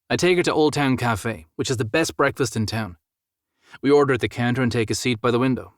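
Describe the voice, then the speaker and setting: A man's voice: mid-range voice, fairly quick, dry recording. A man narrating a first-person romance audiobook in an easygoing, teasing manner. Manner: easygoing, teasing, laughs easily. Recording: dry close studio sound.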